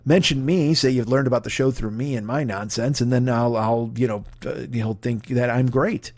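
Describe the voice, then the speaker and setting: A man's voice: mid-range voice, moderate pace, a little mellow, dry recording. A man in his forties hosting a comedy podcast, ranting in a sweary, exasperated, rambling way. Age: 40s. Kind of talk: profane comedic rant.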